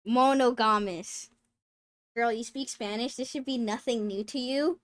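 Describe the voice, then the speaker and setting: A woman's voice: a little high, fairly even intonation, measured pace, no echo, studio quality. A woman livestreamer chatting casually, giggly, swearing now and then and stumbling over her words. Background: faint game music.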